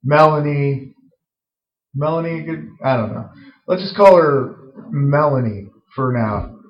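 A man casually pitching a film scene, rambling with lots of fillers and some swearing. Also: slow pace. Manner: rambling, full of "like" and "uh", profane. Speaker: screenwriter pitching a story. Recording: roomy, dull lo-fi recording.

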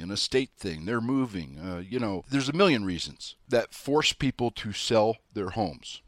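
Male talk radio host, opinionated and folksy, lively pitch, dry studio sound. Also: no room sound. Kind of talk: political commentary monologue.

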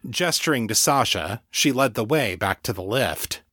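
A man reads a serial audiobook in a steady, measured style, at a middle pitch. The sound is dry and close, with no room at all. His pacing is even and unhurried. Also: breathy edge, dry recording. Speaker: audiobook narrator. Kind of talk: scripted narration.

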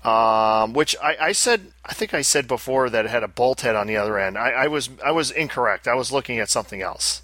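A man's voice: mid-range voice, lively intonation, fairly quick, hardly any pauses, pushed and bright, no room sound. A man co-hosting a casual podcast chat, talking in a rambling way and often repeating his words. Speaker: podcast co-host.

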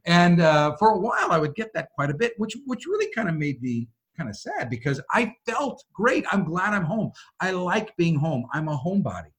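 A middle-aged man telling a story in a lively conversation. His pitch swings widely, and he briefly acts out the voices of the people in it. His voice sits a little higher than most men's. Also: normal speed, few pauses. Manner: animated, acts out quoted voices. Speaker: guest.

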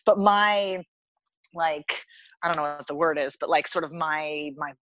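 A woman's voice: low voice, a little slow, fairly bright tone, rough recording. An American woman being interviewed as a dialect coach, explaining in a chatty way with many fillers and restarts. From United States. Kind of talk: conversational podcast interview.

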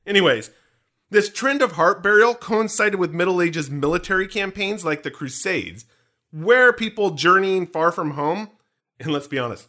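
رجل مرح بصوت حاد ومشرق. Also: male voice, fairly high pitch, sharp tone. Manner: jokey, rambling, quick voice changes for bits. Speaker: podcast host. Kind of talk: comedic podcast banter.

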